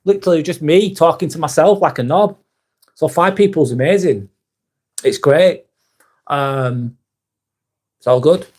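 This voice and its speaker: A man with a fairly high voice talks a little slowly, pausing often. On his live stream he reads viewers' chat aloud and answers it bluntly and casually, with plenty of swearing.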